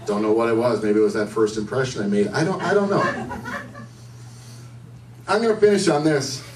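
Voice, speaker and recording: A man's voice: medium pitch, fairly quick. A man doing a stand-up set at a bar comedy night, with a loose, rambling delivery, often asking the crowd questions. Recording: echoey room, distant mic, faint noise.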